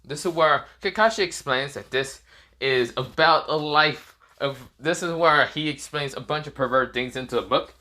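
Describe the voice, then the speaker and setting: A man's voice: on the high side, normal speed, bright, forceful tone. A man improvising a fan-fiction story, rambling with many fillers and slips.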